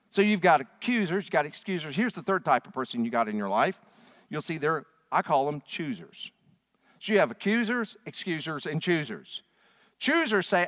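Male pastor, lively joking sermon delivery, higher voice, reverberant sanctuary. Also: normal speed, clean studio sound. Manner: lively, joking, rhetorical questions. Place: church hall with live audience.

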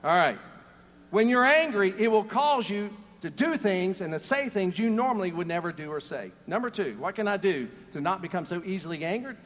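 A man's voice: sits high, brisk, hardly any pauses. Guy pastor preaching, bouncy up-and-down voice, jokey stories, big hall echo, faint hum. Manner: animated storytelling with jokes and scripture readings. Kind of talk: sermon.

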